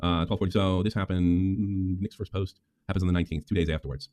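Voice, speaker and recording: A man chatting casually on his stream, animated and quick to laugh. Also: low-pitched.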